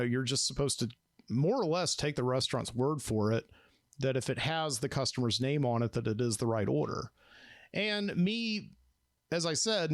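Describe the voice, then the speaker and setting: A man's voice: medium pitch, no echo. A middle-aged man, hosting a late-night solo show and telling a rambling, wry story in a studio. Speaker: podcast host.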